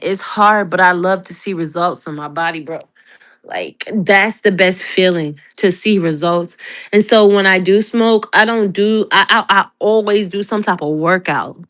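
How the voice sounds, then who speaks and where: A young woman hosting a casual chat, telling stories loudly and profanely, laughing often. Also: mid-range voice. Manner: loud, profane, laughing storyteller. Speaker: podcast host.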